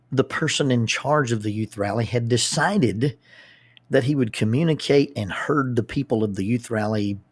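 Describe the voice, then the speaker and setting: A man, a public speaker and youth group leader telling a personal story in an animated way, often restarting his words. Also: on the low side, husky, no room sound. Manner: animated, with repeated starts and lively asides.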